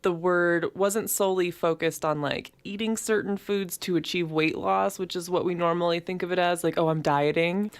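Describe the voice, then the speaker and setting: Woman co-host with a lower voice; easygoing, laughs often, loose filler-heavy chat. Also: clear, resonant tone. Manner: laughs easily, relaxed filler-heavy talk. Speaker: podcast co-host. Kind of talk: casual chat.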